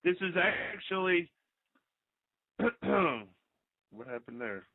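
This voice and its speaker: A man's voice: high voice, very animated, extremely slow, gravelly, dry recording. A man hosting an internet talk radio show, ranting sarcastically in opinionated commentary and often restarting mid-sentence. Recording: dry, tinny phone-like sound.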